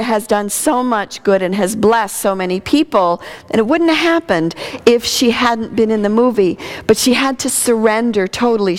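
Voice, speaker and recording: A woman minister giving a sermon, telling a story in a relaxed, conversational way. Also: a little high.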